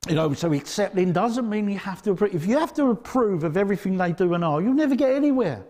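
A man's voice: sits high, expressive, fast talker, a little mellow. A man with an Essex accent preaching a sermon in a conversational, emphatic way, often checking in with his listeners. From Essex, England.

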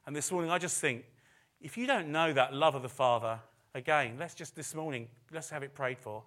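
High, bright preacher. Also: male voice, brisk. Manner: conversational, with self-deprecating asides; repeats phrases for emphasis. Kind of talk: sermon. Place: church service.

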